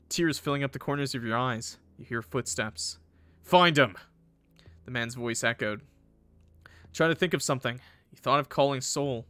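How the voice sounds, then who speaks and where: Young gaming creator, reads a visual novel aloud, jumps into loud swearing reactions, bright voice, dry close sound. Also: male voice, mid-range voice, clear, resonant tone, dry recording. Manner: excitable, swears and yells in reaction.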